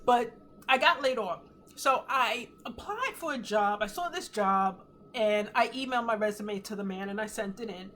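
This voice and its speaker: A woman in her fifties giving an earnest, emotional testimony on a live stream from home, teary at times, with animated swings in pitch. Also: normal speed, slight background noise. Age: 50s. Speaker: host of a faith livestream. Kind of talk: casual live talk, testimony.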